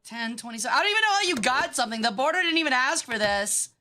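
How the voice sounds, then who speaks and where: A woman streaming a game with casual commentary. She sounds bratty, swears freely and reacts fast. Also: high-pitched, animated, sharp tone, slight background noise.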